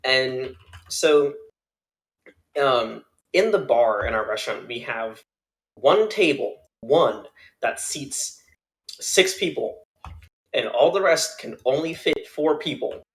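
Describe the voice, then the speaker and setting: Young man telling an animated story. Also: mid-range voice, slow pace, long pauses. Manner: animated, laughing, acts out quoted people. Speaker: podcast co-host. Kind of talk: casual storytelling chat.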